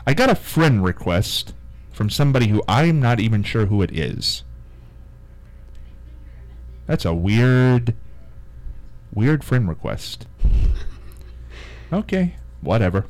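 A man's voice: medium pitch, sing-song, takes it slowly, pauses often, a little mellow, no echo, rough recording. A middle-aged man hosting a live radio show in a small studio, chatting casually and rambling from one thing to the next. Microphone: studio microphone.

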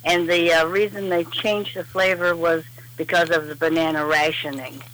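A woman's voice: fairly low pitch, fairly even intonation, moderate pace, fairly bright tone, slight background noise, low-quality recording. A woman calling in to a radio show, chatting in a friendly, easygoing way. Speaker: caller. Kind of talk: casual phone-in chat.

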